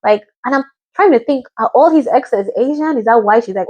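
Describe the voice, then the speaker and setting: A woman's voice: on the high side, lively intonation, brisk, a little mellow, no echo, highs cut off. A woman from Africa in a rambling, chatty review of a reality show, often mimicking what others said. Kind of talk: casual chat.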